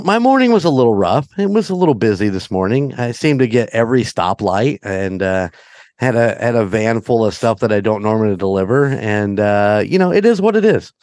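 A man's voice: on the low side, animated, normal speed, a little mellow, dry recording, clean studio sound. A man hosting a paranormal podcast, chatting casually, joking, laughing often and swearing freely. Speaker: podcast host.

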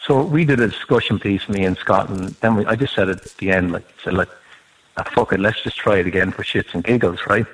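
A man's voice: fairly low pitch, fairly quick, husky, rough recording. A man telling a rambling anecdote in a casual podcast chat, swearing freely as he goes. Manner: swears freely, animated storytelling.

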